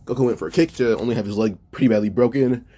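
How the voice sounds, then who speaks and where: A man's voice: mid-range voice, rapid-fire, dark tone. A man casually narrating a fan-made story in a loose, stumbling way, often correcting himself mid-sentence.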